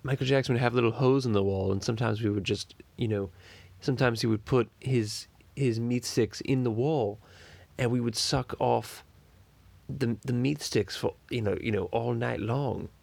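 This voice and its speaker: A foul-mouthed cartoon baby boy rambles crudely from one tangent to the next, as a man does the voice. His voice is heavily gravelly and sits mid-range, in an improvised parody monologue. The sound is dry and close. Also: mid-range voice, steady tone, normal speed, a little mellow, no room sound. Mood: rambling.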